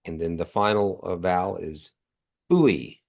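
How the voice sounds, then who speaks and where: A man with a low, gravelly, darkish voice, made nasal by allergies, runs an online language class over a video call. He patiently demonstrates every sound at a slow pace.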